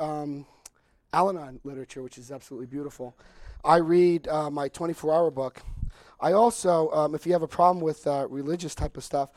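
A middle-aged man telling a lively personal recovery story to a group, acting out voices and laughing often. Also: on the high side, no echo. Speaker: recovery speaker.

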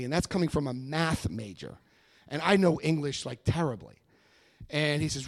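Male recovery speaker, a touch high-pitched, animated and self-mocking, telling a personal story with humor. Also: fairly quick, creaky, no room sound.

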